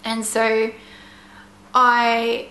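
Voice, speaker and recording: A young woman tells her story in a casual, rambling way, leaning on "like" and "you know." Her voice sits a little high and stays flat in pitch, with vocal fry. The room sounds roomy and echoey, with a faint hum behind her. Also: drawn-out words. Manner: chatty, meandering, full of "like" and "you know". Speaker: vlogger.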